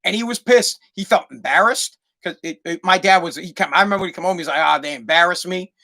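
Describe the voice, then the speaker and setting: A man's voice: sits high, lively intonation, fast, pushed and bright. A man from Massachusetts hosting a solo podcast, rambling through a profane comic rant and repeating himself as he goes. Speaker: podcast host.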